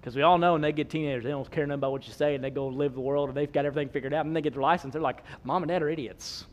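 A man, preaching a sermon, swinging between loud emphasis and soft low asides. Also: steady tone, racing. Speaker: pastor.

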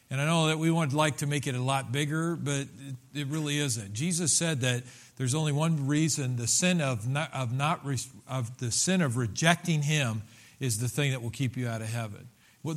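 A man's voice: medium pitch, moderate pace. Rambling, conversational male preacher. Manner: conversational and rambling, many restarts and fillers, bursts of emphasis. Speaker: pastor. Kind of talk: sermon.

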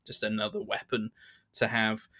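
A man co-hosting a podcast, chatting casually in a review and pausing often to restart his sentences. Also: on the low side, little pitch movement, bright, forceful tone. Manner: hesitant, many restarts and fillers. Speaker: podcast co-host.

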